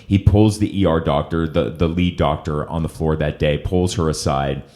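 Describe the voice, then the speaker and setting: A man with a very deep voice, middle-aged, telling a personal recovery story to his guest. He talks earnestly and gets emotional, and his low voice stays steady under it. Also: normal speed. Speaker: host. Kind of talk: interview storytelling.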